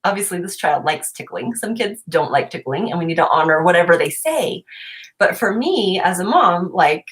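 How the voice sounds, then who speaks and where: An animated woman in her thirties chats through a casual home livestream, her pitch leaping up and down as she tells a family story. She laughs easily and puts on high little voices when she quotes her kids. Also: normal speed. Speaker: mom vlogger.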